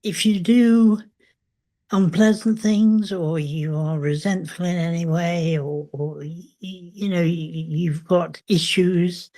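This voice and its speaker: An older woman, a memoir author, speaking reflectively in an interview, thoughtful and hesitant with frequent pauses. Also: lowish voice, steady tone, mellow.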